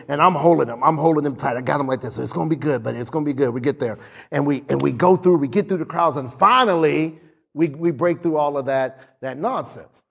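A man preaching a sermon, telling a story with acted-out dialogue and sudden drops into soft, low tones. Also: gravelly, husky. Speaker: pastor.

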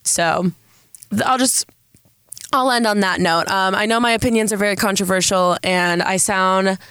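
A woman's voice: medium pitch, normal speed, a bit bright, clear, resonant tone, dry recording, studio quality. A young woman from San Diego hosting a casual solo podcast, with a Valley girl-sounding voice, rambling and self-deprecating. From San Diego, California. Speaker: podcast host.

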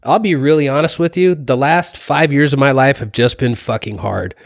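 A man's voice: medium pitch, normal speed, creaky. Blunt, joking man co-hosting a podcast. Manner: blunt, joking, swears freely. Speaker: podcast co-host. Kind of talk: casual podcast chat. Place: basement studio.

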